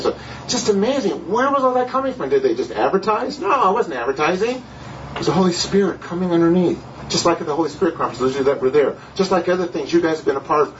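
An older man delivers a sermon as a lively storyteller who laughs at his own past. His voice sits a little high, and he sounds set back from the microphone. The recording is muffled and carries faint room noise. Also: distant mic. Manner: storytelling, animated, laughing at himself. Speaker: pastor. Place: home gathering.

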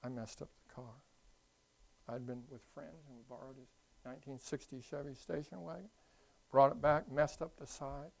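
A pastor delivering a sermon in an easy storytelling voice of medium pitch. He drops to quiet, intimate asides and then climbs to loud, animated bursts. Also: normal speed, gravelly, poor audio. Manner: conversational storytelling.

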